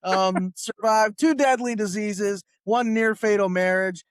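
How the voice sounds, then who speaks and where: A male comedian hosts a podcast, chatting in an upbeat, filler-heavy way. His voice is high and smooth. It is recorded dry and close to the mic. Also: fairly even intonation, measured pace, dry recording. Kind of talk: casual podcast hosting.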